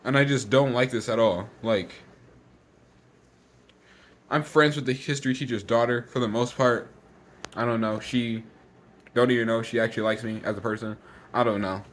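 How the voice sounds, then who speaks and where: A teenage boy ranting in a casual vlog, exasperated and repetitive, rushing his words and sounding slightly out of breath. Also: medium pitch, fairly even intonation, fairly bright tone, a little hiss or hum. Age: teens. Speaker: vlogger.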